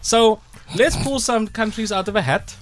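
A man's voice: high voice, moderate pace, over loud music. A man co-hosting a radio show, leading a game and teasing his colleague. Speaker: radio co-host. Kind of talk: playful studio banter.

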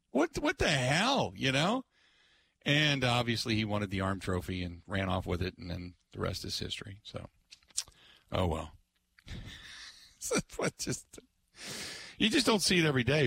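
A man's voice: medium pitch, vocal fry. A man hosting a sports radio show, telling stories in a casual chat and laughing often. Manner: laughs often, animated storytelling.

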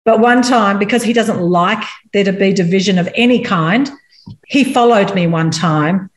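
A woman's voice: medium pitch, normal speed. A woman speaking on marriage from a Christian view, earnest and candid as she tells stories from her own marriage. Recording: roomy echo.

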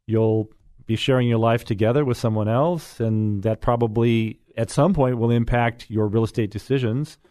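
A man's voice: medium pitch, normal speed, warm tone, dry recording, studio quality. A middle-aged man hosting a radio real estate show, chatting casually in a folksy way with many fillers. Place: radio studio.

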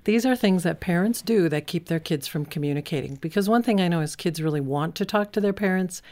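A woman's voice: on the low side, a little fast, dark tone. A woman guest on a parenting talk show, telling stories and acting out what parents say. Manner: tells stories, acts out parent and child lines. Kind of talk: interview conversation.

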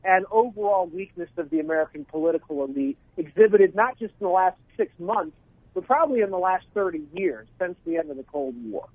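A man speaking as a guest commentator on a talk radio show, fast and analytical, heard over a phone line. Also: high voice, lively intonation, no room sound.

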